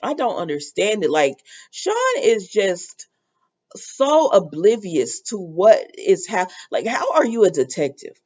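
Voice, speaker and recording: A woman's voice: medium pitch, big pitch swings, unhurried, darkish tone, highs cut off. A woman hosting a casual soap opera recap, chatty and opinionated, with lots of fillers.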